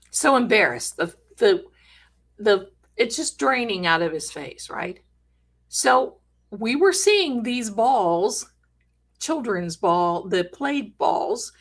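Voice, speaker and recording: Hosting a live stream, this middle-aged woman spins a dramatic, chatty story sprinkled with jokes on the side. Her voice is medium in pitch and a touch bright.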